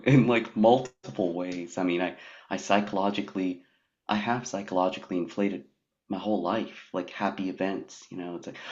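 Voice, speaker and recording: Brief: male participant, lowish voice, hesitant and rambling, muffled lo-fi line. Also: a little mellow. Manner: halting, full of "like" and restarts. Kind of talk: candid personal sharing. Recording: dull lo-fi audio.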